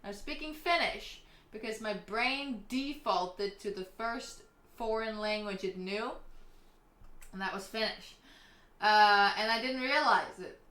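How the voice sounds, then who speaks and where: A woman's voice: mid-range voice, measured pace, bright, forceful tone. A young woman chatting casually on a live stream, reading chat and laughing often. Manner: giggly, chatty, reads chat aloud. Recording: echoey room.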